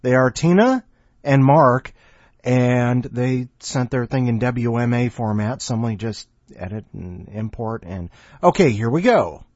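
A man's voice: medium pitch, lively intonation, unhurried, darkish tone, no room sound, lo-fi sound. A man hosting a podcast in a casual, wry and joking way. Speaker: podcast host.

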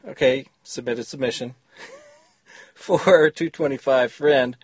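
A man's voice: medium pitch, measured pace, slightly rough, dry recording, studio quality. A man recording himself on a phone, reading his short story after a chatty intro. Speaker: story contributor.

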